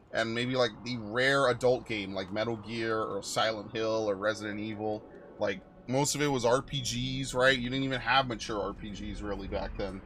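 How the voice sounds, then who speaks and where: A man talking through a video game stream in a loose, rambling way, with a bright, forceful voice. He drifts between the game and side topics and swears often. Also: mid-range voice, slight background noise. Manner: rambling, profane, chatty asides. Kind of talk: casual gameplay commentary.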